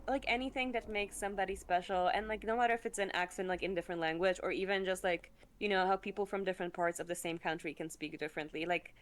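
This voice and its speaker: A woman's voice: on the low side, steady tone, fairly quick. A woman chatting casually on an art stream, enthusiastic and rambling, with a lot of "like" in her talk. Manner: enthusiastic, rambling, heavy use of "like". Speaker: co-host streamer. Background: faint background music.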